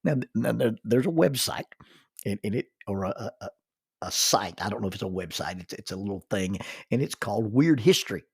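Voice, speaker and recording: A man's voice: on the low side, lively intonation, a little fast, vocal fry, darkish tone, slightly rough, dry recording, clean studio sound. A middle-aged man telling a personal story in a folksy, chuckling way. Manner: folksy, chuckles through his stories. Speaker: storyteller and minister.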